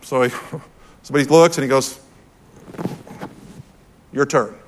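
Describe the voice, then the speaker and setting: A man's voice: medium pitch, fairly even intonation, slow pace. A man preaching to a room, telling a personal story in an earnest, storytelling way and repeating his key phrases. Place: church hall with audience.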